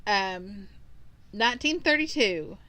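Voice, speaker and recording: A woman's voice: medium pitch, animated, slow, bright, forceful tone, slight background noise, low-quality recording. A woman from Kentucky, co-hosting a podcast and recounting a story in a rambling, casual way with frequent ums. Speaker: podcast co-host.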